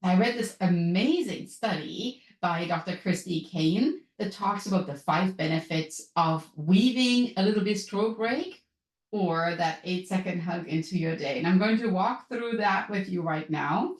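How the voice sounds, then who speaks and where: A woman from Europe with a European accent, a business and wellness coach hosting her podcast in an upbeat, chatty way. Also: a little slow. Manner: upbeat, chatty, lively pitch swings. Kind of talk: solo podcast talk. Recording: echoey room.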